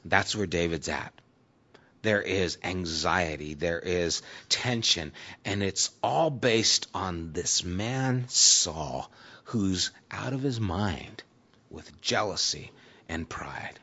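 A man's voice: deep voice, slow, sharp tone. A man preaching a sermon in a conversational way, reading scripture aloud with dramatic emphasis. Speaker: pastor. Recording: dull lo-fi recording.

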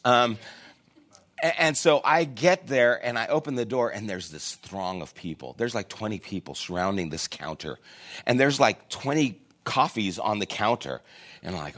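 A male pastor delivering a sermon in a conversational storytelling manner, poking fun at himself. His pitch swings widely, rising for emphasis and dropping low for quick asides. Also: fairly bright tone. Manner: storytelling, conversational, self-deprecating. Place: church.

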